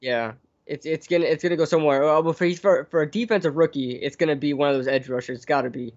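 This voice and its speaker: A man's voice: fairly high pitch, fast, darkish tone. A man co-hosting a casual sports podcast, rambling with many restarts and fillers. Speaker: podcast co-host. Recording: dull lo-fi stream audio.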